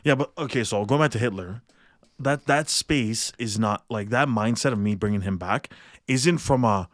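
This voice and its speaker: A man's voice: on the low side, moderate pace. A young man hosting a casual podcast, talking in a loose, laid-back way with lots of swearing. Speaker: podcast host. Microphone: podcast studio mic.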